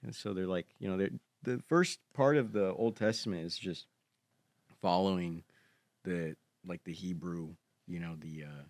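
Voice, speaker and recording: Podcast co-host, man, very low voice, rambling and hesitant, dry close mic. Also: moderate pace, no room sound. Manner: rambling, hesitant storyteller full of fillers. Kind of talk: casual chat.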